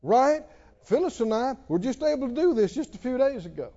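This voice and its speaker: A middle-aged man preaching with a high, swinging voice that climbs into loud, emphatic exclamations. His tone is mellow and a little dark. The recording sounds dull and muffled. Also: sing-song, brisk. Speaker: pastor. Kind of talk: sermon.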